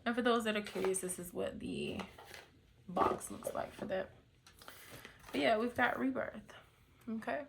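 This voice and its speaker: Woman tarot reader, casual and rambling, slightly gravelly voice, faint background hiss. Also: fairly high pitch, a little slow, long pauses. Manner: meandering, searching for words, frequent fillers.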